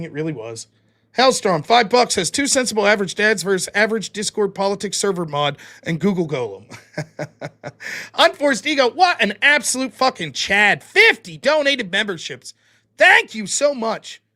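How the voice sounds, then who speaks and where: This streamer's voice sits high and sounds sharp as he reads donation names and amounts aloud in a casual livestream chat. He responds to each donor with deadpan jokes.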